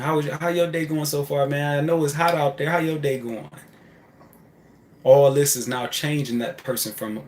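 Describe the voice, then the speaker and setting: A man of middle pitch preaches a spiritual monologue in an echoey room, with faint ambience behind him. He hammers phrases over and over and swings from loud bursts to hushed asides. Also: slight background noise. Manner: repetitive and emphatic, shifts between loud outbursts and hushed asides. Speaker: spiritual speaker.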